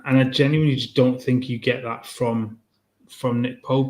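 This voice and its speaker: A man's voice: medium pitch, fairly even intonation, moderate pace, a little mellow. A man co-hosting a casual football podcast, hesitant, often restarting his sentences as he builds his point. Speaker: podcast co-host.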